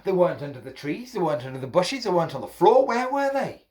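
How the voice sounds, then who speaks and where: A man tells a children's folk tale in a playful manner, calling his listeners his friends. His voice swoops up and down in lively, animated bursts. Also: fairly high pitch, rapid-fire. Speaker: storyteller.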